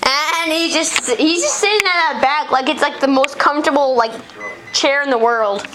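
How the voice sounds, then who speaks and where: High-voiced chatty woman vlogging at home. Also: moderate pace. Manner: rambling, chatty, playful with pets. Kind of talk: casual home vlog. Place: at home indoors. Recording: noisy home camcorder audio.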